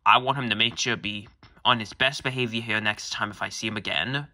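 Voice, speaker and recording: A man's voice: fairly low pitch, fairly even intonation, fairly quick, bright, forceful tone, no room sound. A man playing a stern mall security guard. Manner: formal, bossy and repetitive. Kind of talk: amateur fan animation voice-over.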